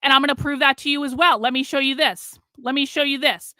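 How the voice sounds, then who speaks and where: A woman's voice: sits high, steady tone, fast, sharp tone, no echo, studio quality. A middle-aged woman on a live stream, ranting in fury, swearing and repeating herself. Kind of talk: angry live stream rant.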